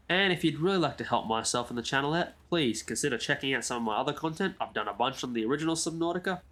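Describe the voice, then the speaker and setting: A gaming YouTuber walks through a game in a casual, chatty way, his medium-pitched voice a bit bright. He's easygoing and tends to ramble off into side comments.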